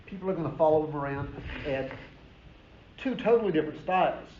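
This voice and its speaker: A man's voice: fairly high pitch, animated, brisk. A male history professor giving a classroom lecture, telling the story with energy and emphasis and dropping casual asides. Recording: roomy, dull lecture recording with faint noise.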